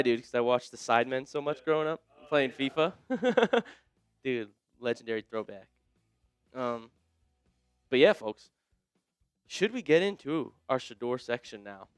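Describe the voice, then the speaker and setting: A man hosting a live sports talk stream, chatting excitedly with viewers and a co-host. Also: clear, resonant tone, dry recording, studio quality. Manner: excitable, jumps up in pitch when fired up. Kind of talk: livestream sports chat.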